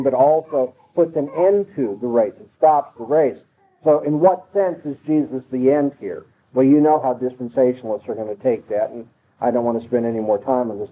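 A man preaching an expository sermon, emphatic and driving his points home by repeating them. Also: medium pitch. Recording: tinny phone-like broadcast sound.

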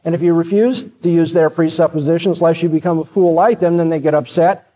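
Male preacher, sermon, earnest, direct, explanatory, higher voice, dull lo-fi sound. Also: fairly even intonation, fast, long reverb tail. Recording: dull lo-fi recording.

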